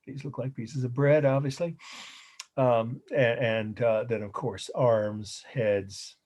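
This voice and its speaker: A middle-aged man delivers an art history lecture at an ordinary pitch. He wanders through his points, stops to correct himself, and lets out small chuckles along the way. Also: fairly even intonation, slow pace, darkish tone, a little hiss or hum. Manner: rambling, self-correcting, chuckles often. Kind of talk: recorded lecture.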